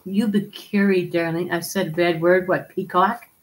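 A woman's voice: lowish voice, steady tone, normal speed, low-quality recording. A woman hosting a live stream, chatting casually, laughing often and calling viewers darling as she reads their comments.

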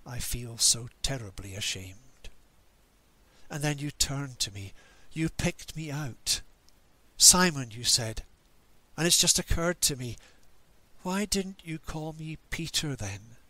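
A man's voice: mid-range voice, lively intonation, slow, pushed and bright, heavily acted. A man voicing the grieving, angry disciple Peter at the cross in a dramatic monologue during a church service, bitter and questioning. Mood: anguished. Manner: bitter, questioning, self-reproaching.

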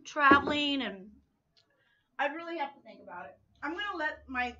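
A woman's voice: medium pitch, moderate pace, dull audio, a crowd in the background. A woman vlogger chatting casually at home, gushing over gifts with lots of fillers and restarts. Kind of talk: casual chat. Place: room at home.

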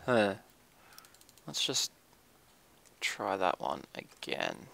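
Low, gravelly man; relaxed let's-play commentary, thinking aloud as he works. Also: extremely slow. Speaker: Minecraft builder narrating his build. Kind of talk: casual gameplay commentary.

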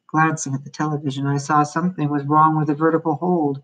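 A woman reading a children's novel aloud as a storyteller, in steady, plain narration. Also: low voice, fast, low-quality recording.

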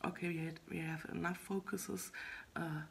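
A woman talking in a casual solo vlog about her writing progress, soft and half-whispered, hesitant and halting with many fillers and restarts. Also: fairly low pitch, little pitch movement, vocal fry, a little hiss or hum. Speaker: web fiction writer vlogging her progress.

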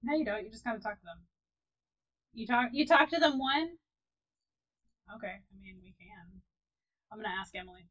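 A woman chatting casually as she plays a co-op farming game, giggly and often trailing off softly. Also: fairly high pitch, animated, moderate pace, pauses often, rough recording. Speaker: let's play host. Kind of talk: casual gaming commentary.

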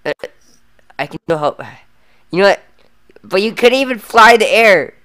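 A woman's voice: medium pitch, expressive, moderate pace, fairly bright tone, lightly acted. A woman voicing a bossy young male superhero mentor in a game role-play, impatient and scolding.

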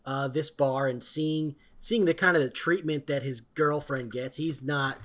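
A man recaps a film plot on a casual podcast. He rambles, restarting phrases, in a fairly high voice. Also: fairly bright tone. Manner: meandering, halting, many fillers. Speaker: podcast co-host.

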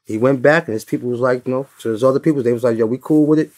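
A man from New York talks through old stories in a relaxed, easygoing drawl. He keeps tagging his sentences with "you know what I'm saying". His voice sits at a middle pitch and sounds close and dry, with no room around it. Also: racing, dry recording. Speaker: interview guest. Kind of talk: casual storytelling interview.

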